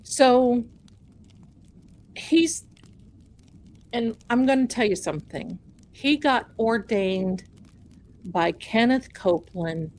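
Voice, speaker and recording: A woman's voice: a little high, lively intonation, slow, pauses often, a little mellow, a little hiss or hum. A woman hosting a live stream who tells a chatty, folksy, self-mocking story. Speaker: livestream host.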